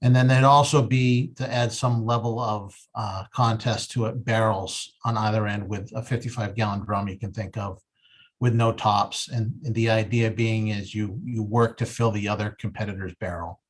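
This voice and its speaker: Male fire chief, lower register, earnest and halting delivery at a public meeting. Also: fairly even intonation. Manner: earnest, halting, with many 'um's and restarts.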